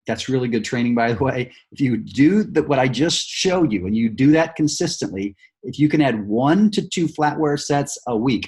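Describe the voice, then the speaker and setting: A man with a slightly husky voice leads a sales training session. He switches between coaching his team and acting out a pitch to a customer. His delivery is upbeat and encouraging, full of fillers and restarts. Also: darkish tone.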